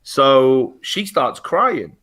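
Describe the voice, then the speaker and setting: A man's voice: mid-range voice, big pitch swings, very slow, a bit bright. British man, guest on a talk show, heated, profane, lots of false starts. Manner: heated, swears often, many restarts. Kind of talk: casual storytelling on a talk show.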